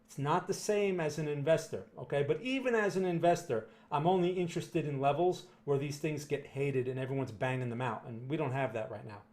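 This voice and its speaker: New Jersey male market commentator, pitched a touch high, blunt and emphatic, checks in with his viewers constantly. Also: brisk, few pauses, darkish tone. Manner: emphatic, blunt, repeats "right?" and "okay?". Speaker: market analyst answering viewer questions. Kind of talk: live-stream chart commentary.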